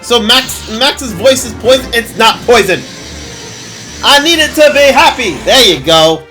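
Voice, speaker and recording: Excitable male streamer, high bright voice, gushing chat, faint music bed. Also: measured pace. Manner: gushing, excitable, laughs often. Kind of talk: casual gameplay stream chat. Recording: faint game music behind.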